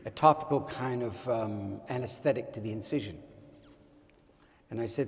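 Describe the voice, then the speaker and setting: An older man who teaches at his own school tells a reflective story in a wry, deliberate, digressive way. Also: mid-range voice, big-room sound.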